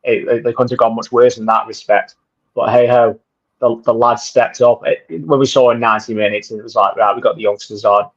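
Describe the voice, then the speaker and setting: A man talking football on a livestream in a fairly flat, even voice at a medium pitch. He speaks fluently and with enthusiasm about the game. His voice comes through a dull, lo-fi microphone. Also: fairly quick. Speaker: livestream co-host. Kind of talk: casual football podcast chat. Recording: dull lo-fi mic.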